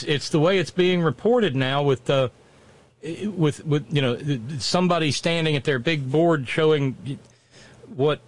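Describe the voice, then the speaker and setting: Sardonic man, slightly high voice. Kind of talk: casual chat.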